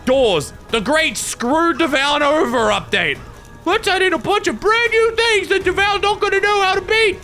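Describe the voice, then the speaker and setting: Guy doing a smug squeaky game dev voice, gloating and sing-song, bouncing all over the place. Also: expressive, moderate pace, pushed and bright, faint music behind, full character voice. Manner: gleeful, mocking, sing-song. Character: smug scheming game developer, adult male.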